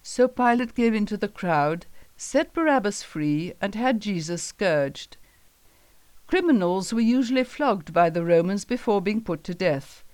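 A woman narrates a Bible story in a calm, measured way. Her voice sits at a middle pitch. The recording is dry and close, with no room sound. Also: smooth, dry recording.

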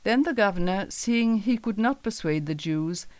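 A woman narrates a Bible story in a calm, measured way. Her voice sits at a middle pitch. The recording is dry and close, with no room sound. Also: dry recording.

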